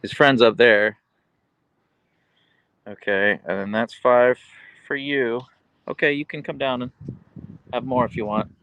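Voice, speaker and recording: A man's voice: medium pitch, fairly even intonation, a little slow, pauses often, a bit bright, dry recording, lo-fi sound. A man hosting a casual livestream, chatting easily as he reads out and answers viewer comments about his dogs. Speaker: livestream host and dog owner.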